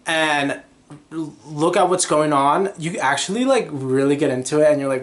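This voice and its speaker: A man's voice: fairly high pitch, expressive, normal speed. A young man hosting a casual solo podcast, gushing and chatty, full of "like" fillers and sung snippets. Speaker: podcast host.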